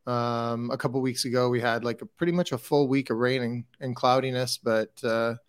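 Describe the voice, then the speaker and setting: Male co-host, relaxed and talkative, dry close recording. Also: mid-range voice, moderate pace, smooth, no echo. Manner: relaxed, chatty, restarts and fillers. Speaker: podcast co-host. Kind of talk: casual podcast chat.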